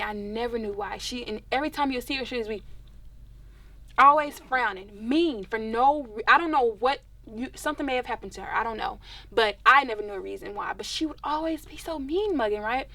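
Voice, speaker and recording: A young woman, a singer telling stories in a casual interview, expressive and animated. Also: a little high, a little fast, creaky. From Dallas, Texas.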